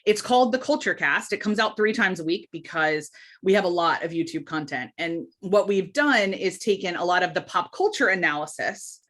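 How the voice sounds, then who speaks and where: Chatty woman podcast guest. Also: lowish voice. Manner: animated, chatty, quick asides and laughs. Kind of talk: casual interview conversation.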